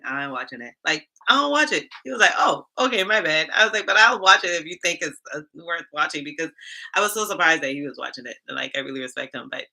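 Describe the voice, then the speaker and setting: A middle-aged woman from Charleston with a Southern accent, chatting casually and sassily with viewers on a livestream. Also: fairly low pitch. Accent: Southern US Black vernacular, Charleston Geechee. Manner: animated, sassy, talks back to chat comments. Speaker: livestream host, HR coach.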